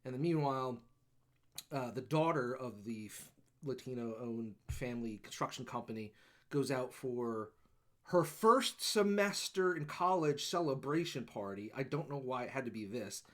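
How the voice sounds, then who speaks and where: A man's voice: medium pitch, normal speed. A man co-hosting a casual movie podcast, ranting and swearing as he retells a plot and acts out lines. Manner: animated ranting, swears, acts out characters in quotes. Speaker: podcast co-host. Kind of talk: casual movie review chat.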